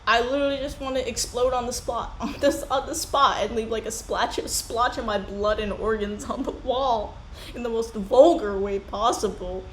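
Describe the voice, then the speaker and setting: A young woman chats in a loose, rambling commentary style, her voice sitting a bit high for a woman. She sounds animated and keeps wandering off onto tangents. The room gives her voice a roomy echo, with a faint hiss underneath. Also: moderate pace. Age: young adult. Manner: rambling, animated, drifts off topic. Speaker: commentary YouTuber. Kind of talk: casual commentary chat.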